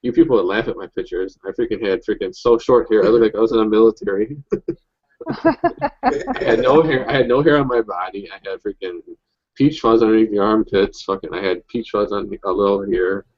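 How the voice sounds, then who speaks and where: This young man's voice is on the low side and darkish, moving fairly quickly as he rambles through profane stories with many restarts in a casual group chat. The recording's highs are cut off.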